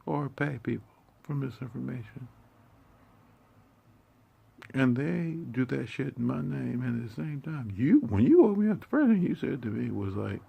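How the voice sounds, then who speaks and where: A man delivering a profane, confrontational monologue in streetwise slang. He swings between hushed muttering and sudden loud outbursts. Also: medium pitch, a little slow, creaky, pauses often, slightly rough. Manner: streetwise slang, heavy swearing.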